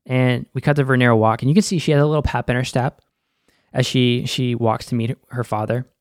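A man's voice: medium pitch, steady tone, fairly quick, no echo, studio quality. A young man giving a casual, profane breakdown of a TV episode, full of filler words. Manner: laid-back and profane, full of "like". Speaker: film and TV recap host.

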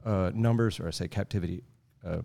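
A man's voice: deep voice, a little fast, creaky, dark tone. Folksy man spinning a yarn. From Texas. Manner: rambling, folksy, chuckling asides. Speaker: podcast guest. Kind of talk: casual storytelling.

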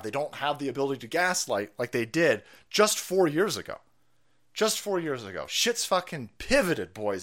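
A man's voice: mid-range voice, a bit bright. A man hosting a live stream, ranting with profanity and sarcasm. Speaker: host. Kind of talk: live-stream political rant.

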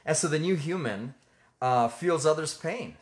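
Earnest man teaching in halting speech. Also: on the high side, animated. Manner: earnest, halting, with many fillers and restarts. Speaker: ministry co-host. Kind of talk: conversational faith teaching.

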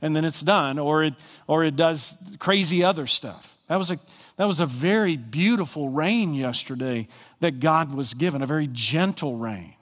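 A man from Colorado preaching a sermon as pastor, emphatic and swinging from hushed lines to soaring ones. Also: on the high side, moderate pace, big-room sound.

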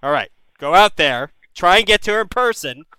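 A man's voice: high-pitched, animated, brisk, bright, forceful tone, smooth, no echo, poor audio. A man hosting a call-in advice show, giving blunt, profane, bro-style advice to callers. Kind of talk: casual live-stream call-in advice.

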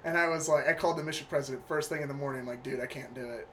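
A man's voice: medium pitch, racing, slight background noise. A young man telling stories in a loose, profane, laughing way during a casual chat. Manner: profane, laughing, animated retelling.

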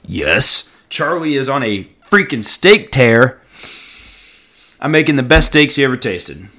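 A young man hosting a casual solo podcast, rambling and joking, with sudden loud outbursts. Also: mid-range voice, very animated, unhurried. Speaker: podcast host.

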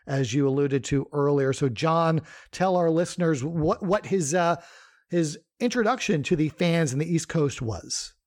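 A man co-hosting a casual podcast, talking in a conversational way with many fillers and restarts. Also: fairly high pitch. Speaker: podcast co-host. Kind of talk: casual podcast chat about wrestling history.

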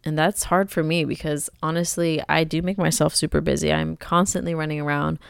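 A woman's voice: low-pitched, flat delivery, a little fast, vocal fry, clear, resonant tone, no echo, clean studio sound. A young woman hosting a faith podcast, talking in an earnest, conversational, encouraging way. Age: young adult. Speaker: podcast host.

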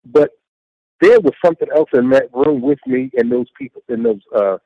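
Over phone-quality sound, a middle-aged man with an expressive, mid-range voice speaks at a normal speed. As an interview guest he earnestly tells his faith testimony, with lots of repetition and acted-out quotes of himself.

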